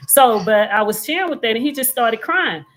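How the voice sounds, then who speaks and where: A woman's voice: fairly high pitch, animated, fairly quick, a bit bright. A woman, a minister, telling a story in an earnest, detailed way during a casual live church discussion. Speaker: minister and co-host.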